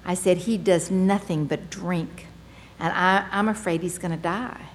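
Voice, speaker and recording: A woman's voice: fairly low pitch, steady tone, a little slow, slight background noise. An older woman giving a candid personal testimony, telling her story with wry humor and acting out the people in it. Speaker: speaker sharing her recovery story.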